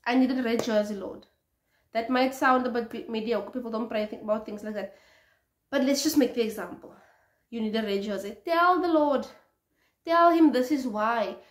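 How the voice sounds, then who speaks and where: A woman's voice: fairly high pitch, normal speed. Earnest woman, roomy echo. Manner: earnest and conversational, restarts and repeats words. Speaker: faith vlogger. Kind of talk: casual spoken devotional talk.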